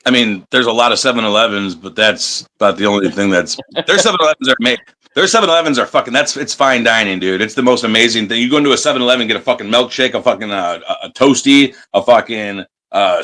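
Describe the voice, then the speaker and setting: A man's voice: mid-range voice, pushed and bright. A man telling wrestling road stories on a podcast in a loose, profane way, laughing often. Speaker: wrestler guest. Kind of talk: casual storytelling interview.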